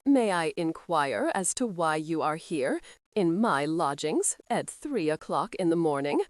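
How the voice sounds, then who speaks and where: A woman narrator voicing a mocking, arrogant young male earl who speaks in a slow, sarcastic drawl. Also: sits low, sing-song, dry recording, studio quality. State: injured, sore ribs.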